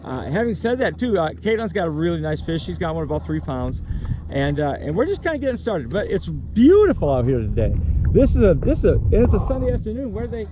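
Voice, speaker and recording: A man's voice: high-pitched, big pitch swings, fairly quick, background noise. A man working as a fishing guide, chatting and joking on a boat on a lake, often laughing and restarting his sentences. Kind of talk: casual fishing vlog chat.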